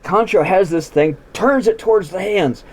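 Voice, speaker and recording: A man's voice: high-pitched, normal speed, rough recording. A man hosting a show, telling a ranch story in a casual, folksy, plain-spoken way. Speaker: storytelling host.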